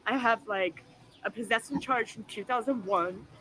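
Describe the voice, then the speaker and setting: A tearful woman in her forties vents into her phone, swearing often through her upset in an emotional vlog monologue. Her voice is bright and sharp-edged, and faint noise sits behind it. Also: on the high side, normal speed, poor audio. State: crying. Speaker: vlogger.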